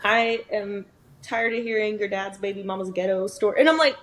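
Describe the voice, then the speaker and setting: A woman's voice: mid-range voice, brisk, rough recording. A young woman co-hosting a podcast in casual chat, filling her talk with "like" and "you know.". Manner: chatty, says "like" and "you know" often. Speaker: podcast co-host.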